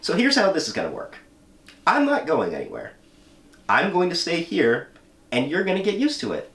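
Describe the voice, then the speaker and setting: A man playing a calm, confident male superhero who sets blunt terms, in a casual retelling. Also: fairly high pitch, normal speed, pitched above the performer's own voice, heavily acted. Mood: firm. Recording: roomy room, mic at a distance.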